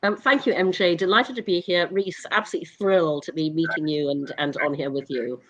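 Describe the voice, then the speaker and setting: A woman's voice: brisk, fairly bright tone, no room sound, low-quality recording. A woman with a flu-stuffed voice, a company founder speaking articulately as a guest on a video call. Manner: articulate, polished pitch. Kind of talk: interview.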